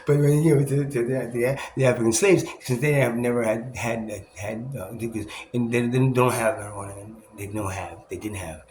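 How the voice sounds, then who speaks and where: A man's voice: medium pitch, fairly even intonation, a little fast, few pauses. A man talking in a rambling self-recorded monologue, restarting often, swearing and laughing as he puts on other people's voices. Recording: echoey room with loud ambient noise.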